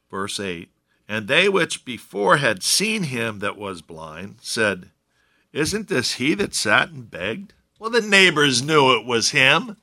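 A man's voice: mid-range voice, pushed and bright. A man preaching a sermon in a conversational way, with joking asides to his listeners. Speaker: pastor.

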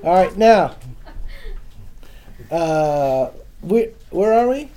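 A man teaches from the Bible to a small gathering in a loose, conversational way. His voice is mellow and dark, and he keeps turning to the listeners with questions. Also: high-pitched, animated, extremely slow. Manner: casual, chatty, asks the audience questions. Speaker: preacher. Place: room with a small live audience.

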